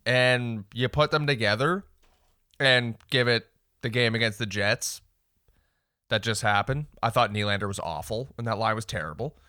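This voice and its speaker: Male podcast co-host, bright forward tone, dry close sound, blunt laid-back chat. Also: medium pitch, moderate pace, clean tone, no echo. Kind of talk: casual sports chat.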